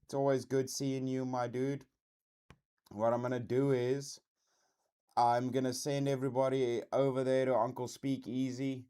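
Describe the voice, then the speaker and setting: Male streamer host, mid-pitched, easygoing, slangy chat. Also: level tone, moderate pace, warm tone, clear, resonant tone. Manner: laid-back, says dude and bro a lot. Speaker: livestream host. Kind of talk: casual livestream chat.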